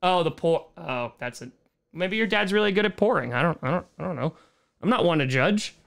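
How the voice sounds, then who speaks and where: Hosting a casual live-streamed Q&A from home, a man in his thirties jokes, gets sarcastic and reads viewer comments aloud to riff on them. His voice is a little high, gravelly and a bit bright, with lively intonation and a fairly quick pace.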